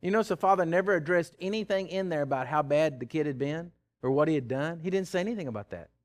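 A man preaching a sermon in an animated way, with big swings in pitch, stammered repeats and chuckles. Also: quick pace.

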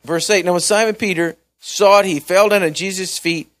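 A man preaching a chatty Bible-study sermon, swinging between loud and hushed. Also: high-pitched, steady tone, normal speed, dry recording.

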